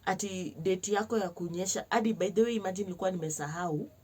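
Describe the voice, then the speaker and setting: A young Kenyan woman telling a personal story to camera in a lively vlog, switching between slangy Swahili and English and acting out other people's lines. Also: medium pitch, fast, slightly rough. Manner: animated, mixes slang-heavy Swahili with English. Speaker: vlogger.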